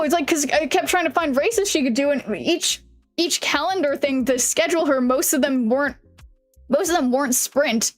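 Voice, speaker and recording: Rambling, laughing woman streamer, voice a bit worn. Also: high-pitched. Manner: rambling, restarts sentences, curses and laughs often. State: voice slightly worn from yelling. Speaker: live streamer. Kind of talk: casual chat with viewers.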